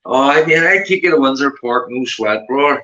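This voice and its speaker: A Belfast-accented man from Northern Ireland hosts a casual livestream chat at a moderate pace, calling everyone mate. He's chatty, with animated rises in pitch, and the lo-fi, roomy recording has a crowd in the background.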